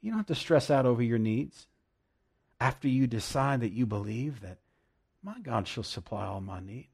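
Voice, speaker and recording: A man delivers a devotional sermon in a husky, slightly breathy voice. He leans hard on his key phrases and repeats them slowly for weight. Now and then his voice falls to a hushed, near-whispered praise. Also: medium pitch. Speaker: preacher.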